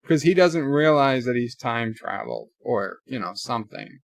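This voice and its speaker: A man's voice: medium pitch, expressive, moderate pace, gravelly, dry recording. A man giving a casual live reaction to a TV episode, retelling the plot with quoted lines and offhand asides. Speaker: show reviewer.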